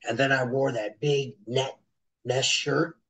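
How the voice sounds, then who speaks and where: A middle-aged man, a former wrestler, telling animated stories as an interview guest and acting out other people's voices. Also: mid-range voice, slow, low-quality recording. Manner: animated storyteller who acts out voices. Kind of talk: storytelling interview.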